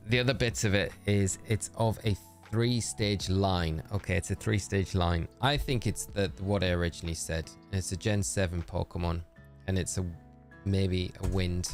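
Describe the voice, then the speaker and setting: A man's voice: low-pitched, darkish tone. Chatty man streaming. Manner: chatty, reads out viewer messages and thinks aloud. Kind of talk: casual live-stream chat.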